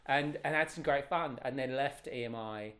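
A middle-aged man, a guest telling stories in a casual, animated way with many fillers. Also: mid-range voice, moderate pace, a crowd in the background. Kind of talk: casual anecdotal storytelling.

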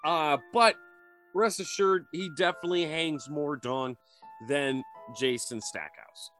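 A man's voice: fairly high pitch, unhurried, a bit bright, faint music behind. A man co-hosting a comedy podcast, talking in a playful, jokey, casual way. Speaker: podcast co-host.

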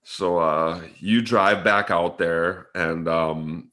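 A man's voice: sits low, fairly even intonation, slow pace, sharp tone. A man chatting casually with a friend, animatedly retelling a video game session and acting out both sides of the story.

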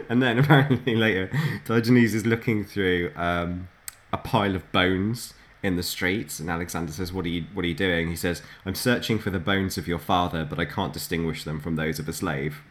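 A man co-hosting a podcast, chatting casually and retelling anecdotes with frequent laughter. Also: low voice. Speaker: podcast co-host. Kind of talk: casual storytelling chat.

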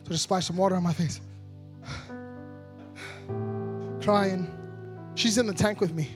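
A man preaching a sermon as a guest preacher, passionate and playful, moving from quiet storytelling to loud shouts. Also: high-pitched, steady tone, measured pace, over music. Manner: playful, jokey asides.

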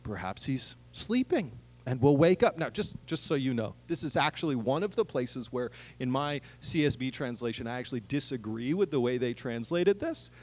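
A man preaching a sermon, reading scripture and breaking in with joking, animated asides to the congregation. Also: medium pitch. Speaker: pastor. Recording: long reverb of a large hall.

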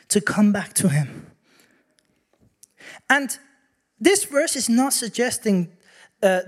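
Man preaching, high voice, animated storytelling, acts out quotes. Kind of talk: sermon.

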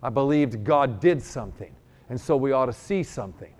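Speaking at normal speed in a medium pitch, a middle-aged New York preacher shares a healing story in his sermon. He's lively and funny, acting out what each person said.

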